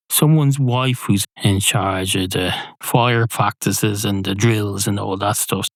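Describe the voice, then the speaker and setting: A man hosting a podcast, rambling through an improvised comic monologue in a deadpan way, with sudden high yelps and swearing. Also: no room sound. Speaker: podcast host.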